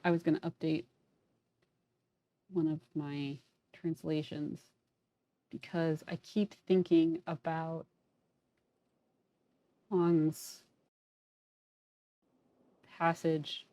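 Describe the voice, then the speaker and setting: A woman's voice: sits low, level tone, extremely slow, pauses often, dark tone, dry recording. A woman casually commenting while playing a story game, chatty, wry and self-deprecating. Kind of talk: casual let's-play commentary and character reading.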